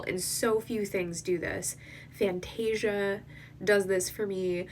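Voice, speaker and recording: A woman's voice: medium pitch, recorded from a distance, slight background noise. A woman reviewing an eyeshadow palette, gushing and emotional, often dropping to a whisper and tearing up. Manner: gushing, emotional, slow and breathy, dips into whispers. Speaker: beauty vlogger. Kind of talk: makeup swatch review.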